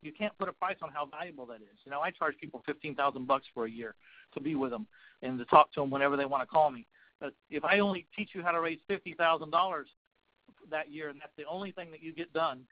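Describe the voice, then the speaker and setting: A man's voice: on the high side, fast, no room sound, muffled recording. A man who coaches real estate investors, talking in a folksy storytelling manner as a guest on a webinar. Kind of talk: webinar talk.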